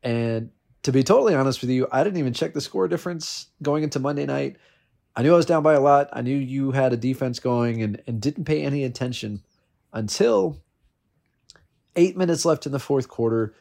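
Animated man telling a fantasy football story. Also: mid-range voice, fairly quick, gravelly. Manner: animated storytelling, swears, laughs often. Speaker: fantasy football league member. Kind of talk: casual chat.

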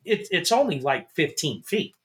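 A middle-aged man spins a rambling story for his co-hosts, his voice bright and sitting a little high for a man. He swears freely and laughs his way through the telling in an easy, casual chat. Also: normal speed. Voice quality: animated, swearing, laughs while telling stories. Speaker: podcast co-host.

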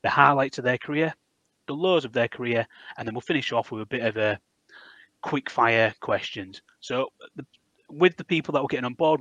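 A man with a Hull accent runs his podcast in a matey, bantering manner, calling everyone mate. His voice is mid-pitched for a man and recorded close and dry, with no room sound. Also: a bit bright, dry recording, muffled recording. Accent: Hull, Yorkshire. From Hull, England. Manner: matey, laughs easily, banters. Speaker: podcast host. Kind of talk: casual podcast hosting.

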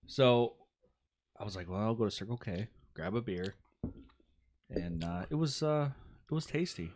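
A man's voice: on the low side, lively intonation, normal speed, darkish tone, slight background noise. A man co-hosting a podcast in casual chat, laid-back and jokey, swearing freely as he tells stories. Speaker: podcast co-host.

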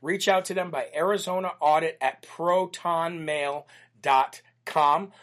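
A man's voice: on the high side, measured pace, a bit bright. An American man hosting a talk show, reading listener letters and talking in a brash, emphatic, preachy way. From United States. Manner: reads listener letters aloud. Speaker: host.

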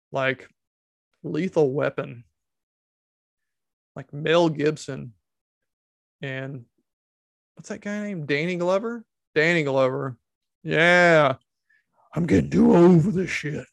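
A man's voice: a little high, vocal fry, dry recording. A man giving casual comedic commentary, sarcastic and incredulous, swearing freely.

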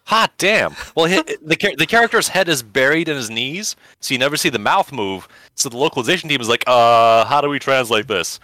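Bright, animated man podcasting. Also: a little fast, hardly any pauses, dry recording. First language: not English. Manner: animated, jumps into high excited pitch when emphasizing. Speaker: podcast co-host. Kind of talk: casual chat.

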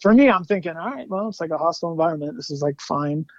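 A man guesting on an interview show, telling animated stories in a casual chat, laughing often and saying "like" a lot. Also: a little high, fast, dry recording, lo-fi sound. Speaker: guest musician.

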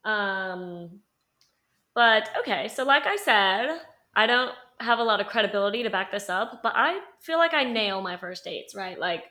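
A woman's voice: mid-range voice, animated, normal speed, pushed and bright. A young woman co-hosting a podcast in casual chat, teasing and laughing with her friend. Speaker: podcast co-host.

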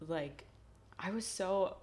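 Chatty young woman, low voice. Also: takes it slowly, mellow, a little hiss or hum. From Texas, USA. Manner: chatty, laughing, heavy use of "like". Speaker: podcast host. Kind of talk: casual chat.

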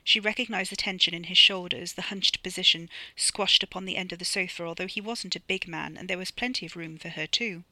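A woman's voice: fairly low pitch, brisk, hardly any pauses, sharp tone, dry recording. Woman reading her own audiobook. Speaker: author reading her novella. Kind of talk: audiobook narration.

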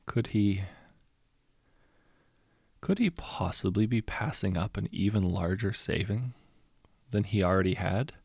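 A man reading a short story aloud as narrator, in a measured, understated storytelling manner. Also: lowish voice, creaky, slightly rough, dry recording, clean studio sound. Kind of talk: scripted audiobook narration.

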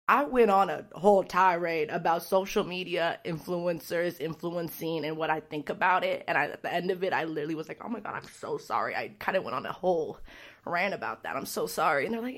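Candid, rambling woman podcast host. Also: fairly low pitch. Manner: candid, rambling, heavy use of "like"; blunt and outspoken. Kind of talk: casual podcast monologue.

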